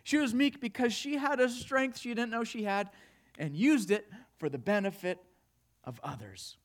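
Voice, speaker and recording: A man preaching a sermon, telling stories with animated swings between hushed and loud delivery. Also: sits high, moderate pace. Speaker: pastor.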